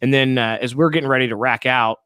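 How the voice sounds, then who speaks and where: A man talking through a story at an easy, middling pitch, with ums and restarts scattered through his telling. His voice sits close and dry on the mic, with no room sound around it. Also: fast, clean tone, no echo. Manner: relaxed, rambling recap with fillers. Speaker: podcast host. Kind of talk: casual storytelling chat.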